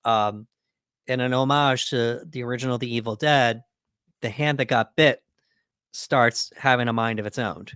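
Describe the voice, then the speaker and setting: Podcast co-host, male, mid pitch, smooth resonant tone, dry booth sound, chatty scene recaps. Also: fairly even intonation, a bit bright, dry recording. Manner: recaps scenes, acts out lines with quick voices. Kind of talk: casual movie breakdown chat.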